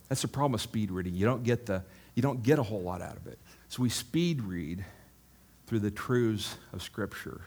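A middle-aged male pastor giving a sermon, jokey and animated in the telling, then soft and prayerful. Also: lowish voice, fairly quick, slightly rough.

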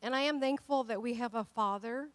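Speaking briskly in a slightly high voice with no room sound, a woman pastor shares a personal story in her sermon. She acts out dialogue and builds toward emphatic encouragement.

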